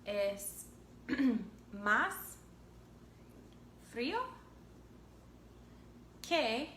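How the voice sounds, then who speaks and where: Slow, deliberate woman teaching English. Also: on the high side, fairly bright tone. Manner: slow, deliberate, repeats words and translates into Spanish. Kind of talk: slow bilingual language lesson. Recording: echoey room with faint background noise.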